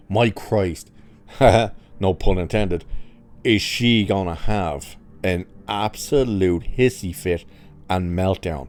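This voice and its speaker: A man's voice: low voice, warm tone. A man hosting a commentary channel, ranting in a mocking, sarcastic, angry way.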